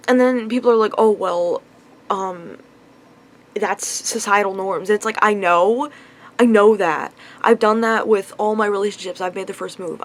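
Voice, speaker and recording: A young woman venting about her love life in a confessional vlog, frustrated and upset, sighing often. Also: on the high side. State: upset, on the verge of tears. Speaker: vlogger.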